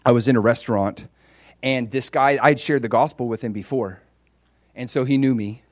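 A man preaching a conversational sermon, dropping quiet and then rising loud and emphatic. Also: mid-range voice, moderate pace, no room sound, clean studio sound.

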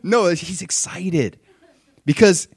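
A young adult man preaching a sermon with animated storytelling, acting out the voices of people in his stories. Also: high-pitched, slow pace, breathy edge, dry recording.

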